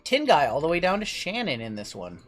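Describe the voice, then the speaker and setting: A man's voice: fairly high pitch, wildly swooping pitch, a little fast, soft background music. A man hosting a live card-break stream in a casual, chatty way. He rattles off long lists of names and teams and answers chat as he goes.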